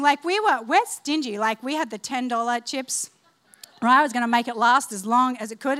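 High bright woman preaching, jokey, tells stories and laughs as she goes. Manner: animated, humorous, laughing through stories; calls to the congregation for responses. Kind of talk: sermon with storytelling.

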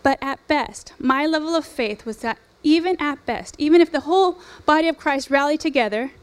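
A high-pitched woman in her forties preaches to a women's gathering. She talks in an earnest, conversational way, mixing in fillers and rhetorical questions as she shares her testimony. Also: normal speed. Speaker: speaker at a women's ministry event. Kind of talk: sermon with personal testimony.

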